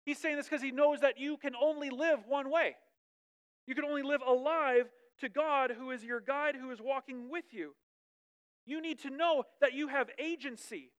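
A woman preacher giving a conversational sermon, lively and chatty, often checking in with her listeners. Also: high-pitched, normal speed.

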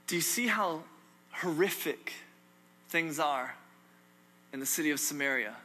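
Bright, emphatic male preacher. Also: on the high side, unhurried, long pauses. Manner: animated, repetitive, emphatic with humor. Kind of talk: sermon.

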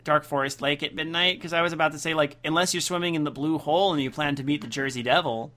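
A man's voice: on the high side, fairly even intonation, fast talker, sharp tone. A man co-hosting a casual comedy podcast, reading out list items and riffing on them sarcastically. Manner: sarcastic, reads list items aloud and riffs. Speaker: podcast co-host.

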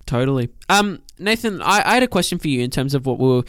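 Young male podcast co-host, smooth clear voice, dry close sound, measured and thoughtful. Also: mid-range voice, very animated, a bit bright, dry recording. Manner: thoughtful, measured, hesitant restarts. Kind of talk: casual film review chat.

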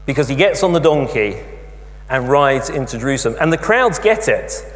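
A man preaching a sermon, telling the story in an animated way with emphatic asides. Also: mid-range voice, normal speed. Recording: long hall reverb with mains hum.

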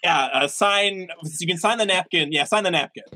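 A man improvising as a player in a tabletop role-play over a call, excitable, playful and rambling. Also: sits high, moderate pace, dry recording.

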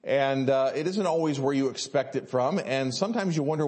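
A man's voice: a little high, moderate pace, few pauses. A male pastor, preaching a sermon and telling a story with many fillers and restarts.

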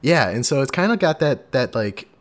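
A man in his twenties hosting a casual podcast, animated and jokey, often restarting his sentences. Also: medium pitch, moderate pace. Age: 20s. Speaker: podcast host.

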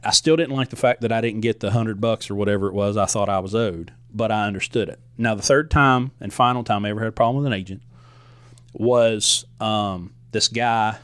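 A man's voice: lowish voice, a bit bright, dry recording. A man who drives a truck, telling stories from the road in a casual, rambling way with frequent restarts. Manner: conversational, frequent restarts and asides. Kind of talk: casual storytelling monologue.

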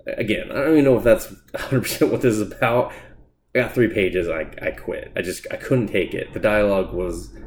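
A man's voice: lowish voice, fairly quick. A man giving blunt, profane, sarcastic comic book reviews in a casual solo podcast. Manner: blunt, profane, sarcastic rants with mocking asides.

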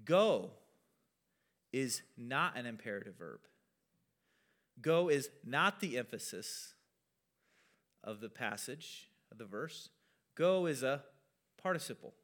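A man's voice: medium pitch, fairly bright tone. A male pastor giving a casual teaching sermon in a conversational way, with self-deprecating asides.

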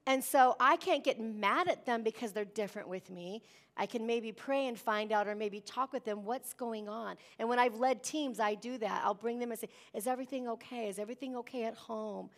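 A woman preaching a sermon, lively and emphatic, often asking the congregation "amen?". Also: on the high side. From Wisconsin. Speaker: pastor.

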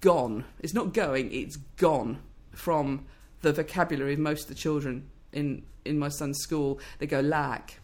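A woman with a low-pitched voice, a speech researcher explaining her work in an interview, thoughtful and fluent with frequent restarts. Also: measured pace, hardly any pauses, darkish tone. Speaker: speech scientist guest.

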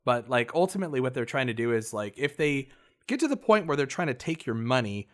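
A man's voice: medium pitch, big pitch swings, quick pace. A man in casual podcast chat, explaining at length in a laid-back way, full of fillers. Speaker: podcast co-host.

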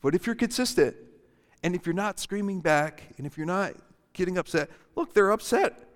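A middle-aged man preaching in a light, joking, chatty way, with a fairly high voice. His words ring out with a long reverb through a large church hall. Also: lively intonation, normal speed. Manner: humorous, conversational. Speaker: pastor. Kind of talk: sermon.

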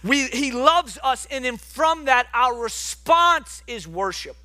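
A young man preaching a sermon, animated, swinging between soft quiet stretches and loud emphatic bursts. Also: very high-pitched, slow pace.

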